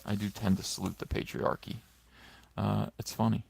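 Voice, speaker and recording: Speaking at a moderate pace in a flat way, this middle-aged man has a lowish, creaky voice, and the recording is very noisy. He's a comics commentator doing a casual vlog from a phone on a stand, full of mocking sarcasm, meandering talk and lots of fillers.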